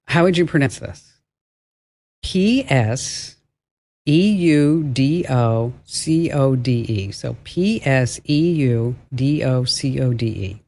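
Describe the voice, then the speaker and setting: Female host, deep-pitched, relaxed banter, laughs easily. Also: takes it slowly. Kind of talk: casual chat.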